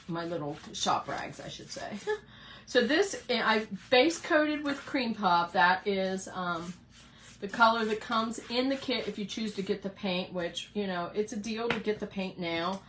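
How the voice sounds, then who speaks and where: A middle-aged woman talks through a live craft painting demo at an even middle pitch, greeting viewers by name and thinking aloud as she paints. She is recording in her home craft room, with a faint hiss under her voice. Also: measured pace, poor audio. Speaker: craft host.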